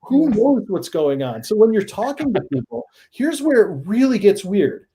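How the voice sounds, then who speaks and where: Man, guest on paranormal show, mellow tone, higher-pitched, animated storytelling. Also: normal speed. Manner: animated, rising to excited emphasis. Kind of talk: casual storytelling in a podcast interview.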